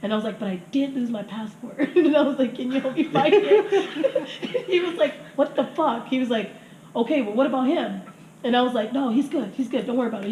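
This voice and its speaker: A woman in her thirties tells crude stories in casual chat, laughing and acting out what people said. Her voice sits a bit high. The room is echoey, with faint noise underneath. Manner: crude, laughing, animated storytelling with acted quotes. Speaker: podcast guest telling stories.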